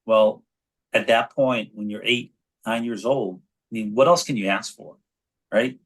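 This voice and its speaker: An actor and children's author in his forties from New York appears as a guest in a casual interview chat. He tells stories animatedly with frequent restarts, speaking unhurriedly at a fairly low pitch.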